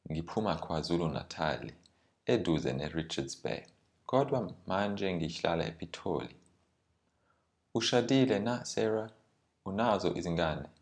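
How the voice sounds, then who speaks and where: A man's voice: low-pitched, expressive, a little slow. A man reading a friendly man's part in a scripted language lesson dialogue, asking questions in plain careful speech.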